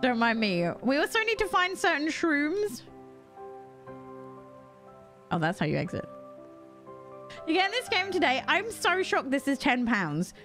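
A woman's voice: high voice, wildly swooping pitch, unhurried, long pauses, fairly bright tone, soft background music. A young British woman streaming a cozy game, chatting casually with viewers in a giggly, self-mocking way. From Britain. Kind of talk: casual gameplay chat with chat readers.

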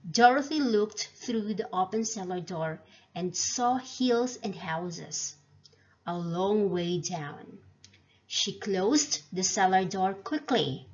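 A woman narrating a storybook read-aloud in a slow, clear reading manner. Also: medium pitch, dull audio.

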